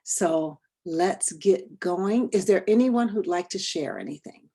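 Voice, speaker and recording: A woman leading a training session over a video call, talking conversationally and quizzing her group with quick questions. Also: lowish voice, animated, mellow, slightly rough. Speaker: workshop trainer.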